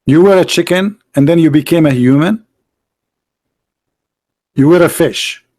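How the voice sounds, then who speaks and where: A man's voice: a little high, unhurried, warm tone. Emphatic, scornful man lecturing. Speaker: street debater. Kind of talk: argumentative monologue.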